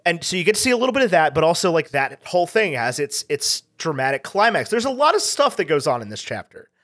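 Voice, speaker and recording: A man speaking as a podcast guest in casual chat, animated and laughing often, with frequent restarts. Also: fairly high pitch, quick pace.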